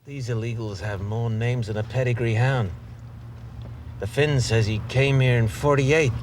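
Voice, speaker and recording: An actor playing a world-weary American investigator with a dry, folksy way of talking. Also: male voice, medium pitch, fairly even intonation, a little slow, a little mellow, close to an everyday voice. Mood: wry. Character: wry American investigator, middle-aged man, world-weary. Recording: outdoor street traffic noise.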